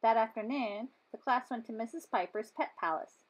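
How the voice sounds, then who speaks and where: A woman reading a children's storybook aloud in an expressive, animated way. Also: a little high, normal speed. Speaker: storybook reader. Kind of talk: children's book read aloud.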